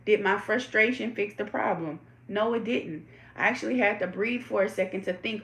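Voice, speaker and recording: A woman's voice: mid-range voice, normal speed, few pauses, fairly bright tone. A woman hosting a live tarot stream, asking her viewers reflective questions and greeting them by name. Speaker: tarot reader hosting a livestream. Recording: roomy echo.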